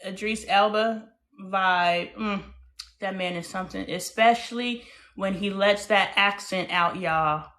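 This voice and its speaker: A woman in her thirties hosting a casual livestream chat, telling stories in a chatty, animated way with playful exclamations. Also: medium pitch, a little slow. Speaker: host.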